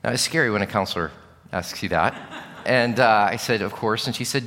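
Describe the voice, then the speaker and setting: A man's voice: fairly low pitch, fairly quick, bright, forceful tone. A middle-aged male pastor preaching a sermon with earnest, candid storytelling. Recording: long reverb of a large hall.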